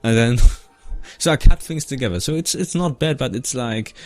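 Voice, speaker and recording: A man's voice: mid-range voice, moderate pace, faint music behind. A man talking casually about his old fan video, rambling and restarting his sentences as he goes. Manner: rambling, restarts often, laughs now and then. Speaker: vlogger.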